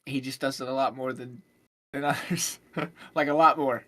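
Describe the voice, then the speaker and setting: A young man co-hosting a live podcast, laid-back and matter-of-fact, answering with a deadpan tone. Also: mid-range voice, moderate pace. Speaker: podcast co-host. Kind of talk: casual live stream banter.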